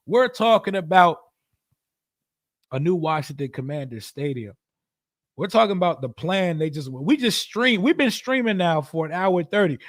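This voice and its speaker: A man's voice: high-pitched, fairly bright tone, no room sound, studio quality. A young man hosting a live reaction stream, talking casually and profanely, often addressing his chat directly. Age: young adult. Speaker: livestream host.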